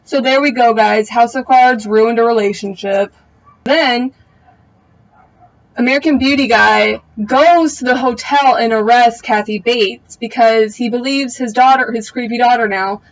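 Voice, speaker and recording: A woman's voice: fairly high pitch, lo-fi sound. A young woman giving a casual, opinionated recap of a TV episode, full of slangy asides. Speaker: TV recap vlogger.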